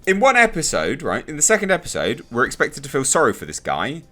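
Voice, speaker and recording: A man's voice: a little high, wildly swooping pitch, fast, pushed and bright. A young man reviewing a TV episode in a casual, sarcastic, exasperated way, with a faint music bed behind him. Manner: sarcastic, exasperated, mocking impressions. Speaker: TV show reviewer.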